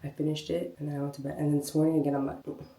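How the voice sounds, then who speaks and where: A woman's voice: low-pitched, flat delivery, racing, warm tone, slight background noise. A young woman, chatting casually in her vlog while still short of breath and coughing from a cold. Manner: chatty, slangy, rambling. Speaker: vlogger. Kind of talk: casual chat.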